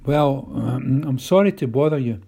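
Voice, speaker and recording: A man's voice: mid-range voice, expressive, moderate pace, creaky, warm tone, slightly rough. A man voicing a shy, nervous twelve-year-old girl who speaks politely and hesitantly.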